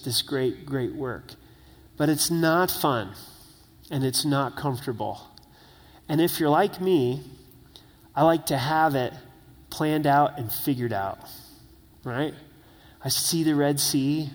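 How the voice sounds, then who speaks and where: A man's voice: on the high side, a little slow. Earnest male preacher in a reverberant hall. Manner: earnest, conversational preaching with tag questions. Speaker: pastor. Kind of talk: sermon.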